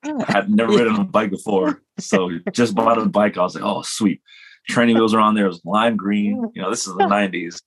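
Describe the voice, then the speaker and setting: A man tells rambling, self-mocking stories in a relaxed chat and often laughs at himself. His voice is low and husky, with a slightly rough edge. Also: fairly quick. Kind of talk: casual podcast chat.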